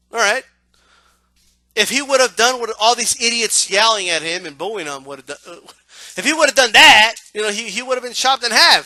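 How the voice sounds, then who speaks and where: Bright, high-voiced man talking boxing. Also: dry recording. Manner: animated, acts out yelling crowd members, repeats "right?". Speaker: boxing commentator. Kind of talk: casual monologue.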